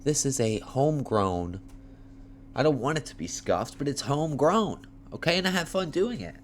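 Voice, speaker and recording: A man hosting a homemade fight-picks preview, talking in a lively, profane, joking way while tired and yawning late at night. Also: medium pitch, normal speed, slight background noise. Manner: animated, profane, playful trash talk. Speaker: MMA fight picks host. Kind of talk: casual fight preview talk. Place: homemade setup.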